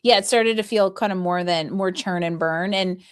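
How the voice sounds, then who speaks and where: A woman's voice: fairly low pitch, normal speed, clean tone. A woman hosting a podcast, asking curious questions in an upbeat, playful way. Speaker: podcast host. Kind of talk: conversational interview.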